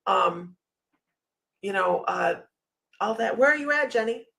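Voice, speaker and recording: Livestream host, woman, slight Southern accent, gravelly, chatty storyteller, mid pitch. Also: expressive, unhurried, sharp tone, poor audio. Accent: slight Southern American. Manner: chatty storyteller, lots of fillers and asides. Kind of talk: casual livestream chat.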